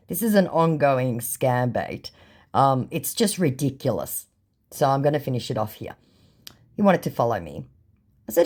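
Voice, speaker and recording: A woman vlogger wryly reading old scam chats aloud in a casual, sarcastic storytelling style. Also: rumbling low. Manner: wry, mocking, animated when quoting.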